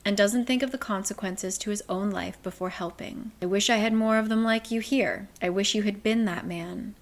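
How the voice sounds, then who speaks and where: A woman's voice: mid-range voice, lightly acted. Woman doing a stately river queen. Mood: solemn. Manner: formal, measured, softening to a hush. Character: stately older female river queen, solemn.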